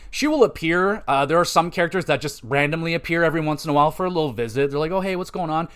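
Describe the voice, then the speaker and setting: An excitable young man from Canada rambles through a game review in relaxed, casual podcast chat, his voice sitting a touch higher than most men's. He swears freely and slips into quick impressions of characters as he talks. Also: clean tone. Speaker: podcast host.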